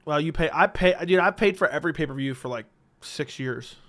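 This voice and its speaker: Here the host is a man with a slightly high, somewhat bright voice and a fairly quick delivery. He goes through viewer messages on a casual livestream from home, easygoing and profane, using a studio dynamic mic.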